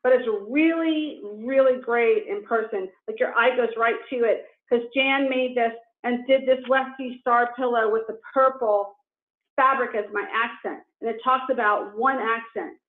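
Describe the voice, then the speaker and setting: A woman's voice: a little high, fairly even intonation, measured pace. A middle-aged woman giving a casual quilting tutorial, enthusiastic as she holds her work up to the camera. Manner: enthusiastic, shows pieces up to the camera. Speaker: quilting instructor. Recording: echoey room on a tinny, phone-like line.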